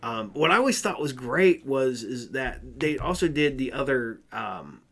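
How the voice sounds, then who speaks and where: A man's voice: medium pitch, lively intonation, a little slow, fairly bright tone. Rambling man on a casual podcast. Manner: rambling, many fillers and restarts. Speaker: podcast co-host. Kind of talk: casual chat.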